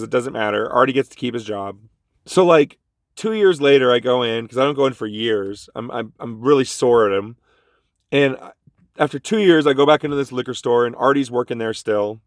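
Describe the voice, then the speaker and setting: A man's voice: mid-range voice, no room sound, studio quality. A man telling a casual story about a bad job to his vlog audience, jumping into the voices of the people in it. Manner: animated, jumps into quoted voices. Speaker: vlogger.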